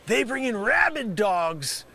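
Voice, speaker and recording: Male improv host, lively pitch, abrasive bark, faint hiss behind. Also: takes it slowly. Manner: bellowing, insulting, lurches from loud to muttering. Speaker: host of a live improv comedy show. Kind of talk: improvised comedy sketch.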